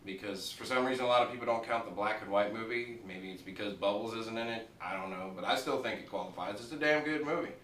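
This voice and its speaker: This TV reviewer has a voice on the low side, a bit bright, delivered at a quick pace with few pauses. His casual review rambles along with plenty of swearing and laughs at his own jokes. There's echo, distance from the mic and faint noise.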